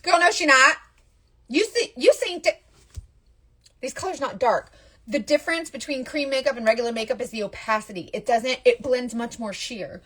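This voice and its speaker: A young woman, chatting casually to viewers on a live stream as a makeup seller, animated and answering their comments as she goes. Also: high voice, normal speed, husky.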